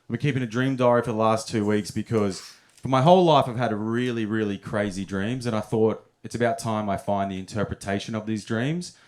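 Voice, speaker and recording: A man's voice: fairly low pitch, fairly even intonation, a little fast, a little mellow. A young man telling stories in a stand-up set at a comedy club, often chuckling at his own punchlines.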